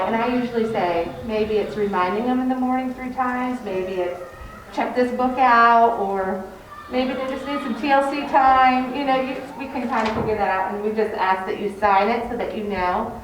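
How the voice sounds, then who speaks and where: A woman's voice: fairly high pitch, moderate pace, distant mic. A woman, a kindergarten teacher, explains her classroom to parents in a chatty, informal way with many fillers. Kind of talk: informal info-meeting talk to parents. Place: large classroom, indoors. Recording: very echoey room, voice from afar, faint noise.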